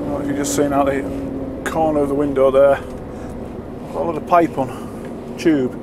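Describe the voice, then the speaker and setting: Road noise hums in the truck cab as this vlogger talks while driving, rambling casually and making fun of himself. His voice is medium in pitch, level in tone, and moderately paced.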